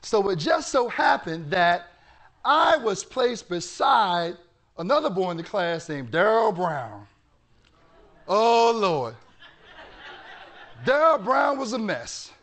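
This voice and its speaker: High gravelly man preaching, lively storyteller who breaks into shouts. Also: takes it slowly, long pauses. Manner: animated storytelling, bursts into shouting. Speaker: pastor. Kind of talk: sermon.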